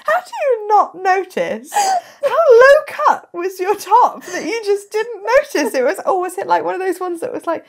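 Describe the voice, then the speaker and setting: A woman's voice: very high voice, measured pace. A young woman co-hosting a podcast, chatting casually, laughing often and reading listener messages aloud. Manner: giggly, animated, reads listener messages aloud. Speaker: podcast co-host. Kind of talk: casual chat.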